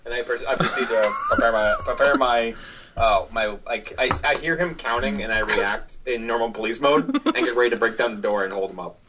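A man playing a tabletop game, describing his character's actions in a halting way with many restarts. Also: mid-range voice, noisy background. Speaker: player.

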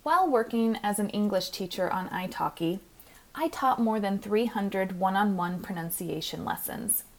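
A woman hosts a podcast as a pronunciation coach, reading from a script. Her delivery is clear, measured and instructive, at a middling pitch.

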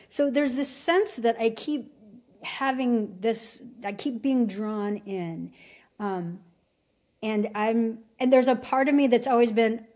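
A middle-aged woman from Alaska, a podcast guest telling her story in a casual, halting way with many restarts. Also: medium pitch, dark tone. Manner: halting, full of restarts and fillers. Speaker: podcast guest, shamanic teacher.

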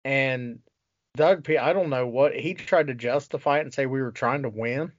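A man's voice: medium pitch, moderate pace, dry recording. A man co-hosting a casual sports talk show, ranting with exasperation and plenty of swearing. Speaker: podcast co-host. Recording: dull lo-fi sound.

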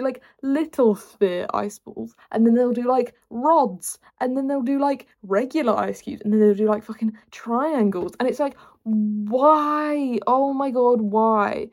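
A woman's voice: mid-range voice, a little mellow. A young woman hosting a solo podcast, rambling and exasperated, full of filler words. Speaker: podcast host. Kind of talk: casual solo chat.

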